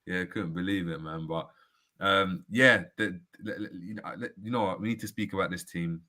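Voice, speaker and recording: A man hosts a casual football show and tells stories in loose street slang. His voice sits low, and he reads viewer comments aloud as he goes. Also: normal speed, sharp tone. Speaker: host. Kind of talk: casual chat about football.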